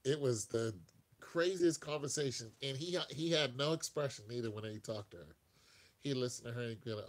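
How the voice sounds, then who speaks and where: Male live-stream host, casual and rambling, laughs a lot, voice of middling pitch. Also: fairly quick.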